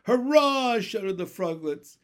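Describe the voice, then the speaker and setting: A man's voice: high-pitched, lively intonation, takes it slowly, warm tone. A man voicing a chorus of eager little froglets chanting together. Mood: cheering. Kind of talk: storybook read-aloud.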